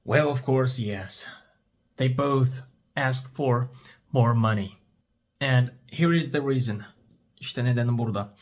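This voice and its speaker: A man whose first language is Turkish guides English speaking practice through a story, repeating every question before answering it himself. His mid-range voice moves slowly, with frequent pauses.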